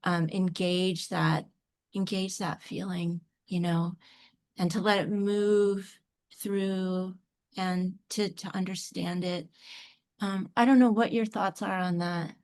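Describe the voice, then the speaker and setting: A woman's voice: on the low side, little pitch movement, takes it slowly, a little mellow. A woman who is a life coach, a guest on a podcast, speaking reflectively and searching for her words. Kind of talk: conversational podcast interview.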